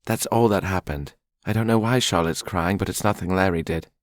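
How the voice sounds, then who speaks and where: A man's voice: sits low, fairly quick, no room sound, studio quality, natural voice. A man voicing an earnest young woman, insistent and protective of a friend.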